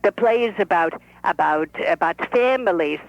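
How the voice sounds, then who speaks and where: A woman's voice: lowish voice, lively intonation, moderate pace, dry recording. Woman voices brassy elderly grandmother, Brooklyn-Yiddish accent, talky and pushy, over a dull phone line. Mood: boastful, chatty. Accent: Brooklyn with Yiddish inflection. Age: older. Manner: brash, folksy, talks over people. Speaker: playwright performing her character. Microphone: telephone.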